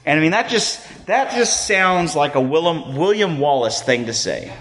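A man preaching a sermon as a pastor in a relaxed, conversational way, joking at his own expense and using lots of fillers. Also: a little high, moderate pace. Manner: conversational, self-deprecating, many fillers. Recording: long reverb of a hall.

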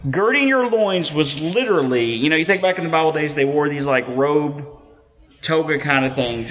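A man preaching a sermon as a pastor in a relaxed, conversational way, joking at his own expense and using lots of fillers. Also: a little high. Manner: conversational, self-deprecating, many fillers. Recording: long reverb of a hall.

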